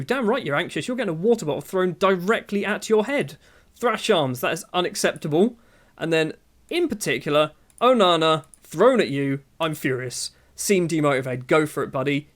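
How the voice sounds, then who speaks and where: High-voiced man ranting over gameplay. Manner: exasperated, sarcastic banter at players. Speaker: gaming YouTuber. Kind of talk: casual gameplay commentary.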